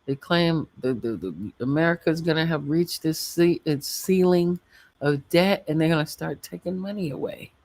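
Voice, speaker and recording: Middle-aged woman, livestream host; chatty and rambling, with a gravelly edge. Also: low-pitched, moderate pace, a little mellow, no room sound. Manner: chatty, rambling, laughs often. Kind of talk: casual livestream chat.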